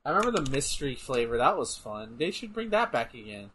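A young man chatting and joking casually while playing a wrestling game, often breaking into shouts. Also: medium pitch, quick pace, slight background noise. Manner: animated, joking, bursts into shouts. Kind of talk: casual chat over gameplay.

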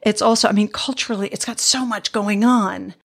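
A woman's voice: medium pitch, fairly even intonation, a little fast, gravelly, breathy edge. A woman hosting a podcast interview, speaking thoughtfully and hedging with "sort of" and "you know.". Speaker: podcast host. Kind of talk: casual interview chat.

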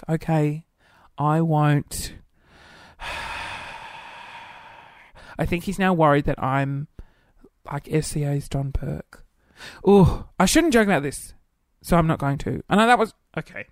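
A young man hosting a podcast in casual solo chat, camp and flamboyant, running off into quick asides. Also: a little high, wildly swooping pitch, no echo, clean studio sound. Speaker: podcast host.

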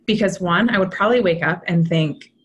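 A woman in her thirties talks as a podcast guest, with a somewhat low voice. She explains in a chatty, upbeat way, often adding "right?" to keep her listener with her. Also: fairly quick. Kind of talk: podcast conversation.

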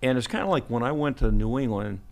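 The old coach, now in his seventies, sounds animated and gravelly, with a mid-range voice and a quick pace. He's telling stories in a podcast studio interview, rambling, chuckling and starting over as he goes.

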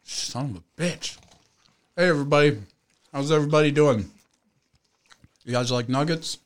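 Guy hosting a stream, mid pitch, cussing and joking with his mouth full. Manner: joking, profane, eats while talking. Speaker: host. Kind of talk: casual livestream chat.

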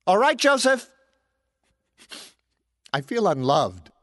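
A clingy male AI assistant, played by a man, talking in a flat, polite deadpan that keeps swinging up and down in pitch. The sound is dry and close, with no room around it. He is needy and passive-aggressive under the helpful manner. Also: slow, no echo, heavily acted. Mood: plaintive. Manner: deadpan, mild and dry, turning plaintive. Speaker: digital personal assistant. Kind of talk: scripted audio comedy.

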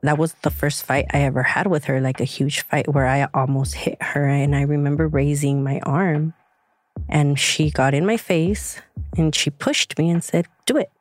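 Low-voiced woman telling her story. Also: fairly even intonation, normal speed, dry recording. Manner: reflective, close to tears at times. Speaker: guest, younger sister. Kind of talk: emotional personal storytelling.

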